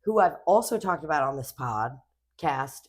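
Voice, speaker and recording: Woman, young adult, podcast co-host, casual chat, rambling, profane, lowish voice. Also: unhurried. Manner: rambling, swears a lot, animated storytelling.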